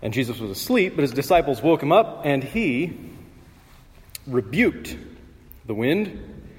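A male pastor giving a sermon in a measured, conversational way, pausing with fillers and clearing his throat. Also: medium pitch, sing-song. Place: church sanctuary. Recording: long reverb of a church hall.

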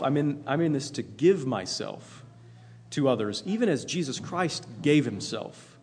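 A man's voice: on the high side, animated, normal speed, slightly rough. A man preaching a sermon in an earnest, emphatic way, often repeating himself for emphasis. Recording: long hall reverb.

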